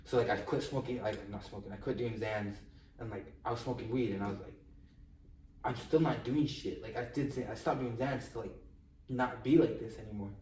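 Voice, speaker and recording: A man's voice: fairly low pitch, steady tone, brisk, darkish tone. A young man co-hosting a podcast in casual chat, teasing and blunt with plenty of slang. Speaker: podcast co-host. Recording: roomy echo, far from mic, faint noise.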